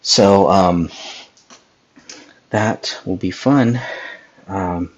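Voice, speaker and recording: A man's voice: sits low, extremely slow, muffled recording. A man hosting a live editing tutorial, casually talking viewers through each step and speaking to people in the live chat. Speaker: podcast host.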